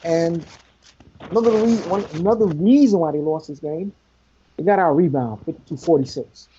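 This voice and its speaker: A man's voice: fairly high pitch, moderate pace, warm tone, a little hiss or hum. A man talking sports on a podcast in an emphatic way, repeating himself for effect. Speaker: podcast co-host. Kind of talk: casual sports talk. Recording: muffled lo-fi podcast audio.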